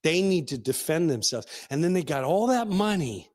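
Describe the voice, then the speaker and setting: Emphatic high-voiced male commentator. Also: big pitch swings, normal speed. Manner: loud, emphatic, acts out scenes. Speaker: show host. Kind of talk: animated political commentary.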